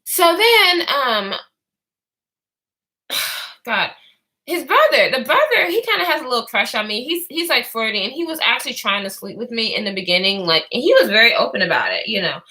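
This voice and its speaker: A woman's voice: fairly high pitch, sing-song, normal speed, pushed and bright, rough recording. A woman vlogger telling a rambling story in casual talk, full of fillers and swearing.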